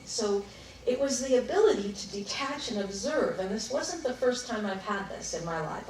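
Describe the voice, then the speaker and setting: A woman speaker telling a personal story to an audience, reflective and at times animated. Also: medium pitch, slight background noise. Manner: reflective, animated in parts, laughs while telling. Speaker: workshop speaker. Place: large room with a live audience. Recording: echoey room, picked up from a distance.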